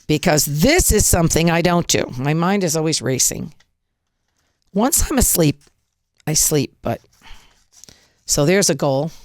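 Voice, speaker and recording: A woman's voice: low voice, animated, a little slow, long pauses, a little mellow, dry recording, studio quality. A woman podcast host giving an upbeat, motivational how-to talk, acting out examples as she explains. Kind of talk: casual instructional talk.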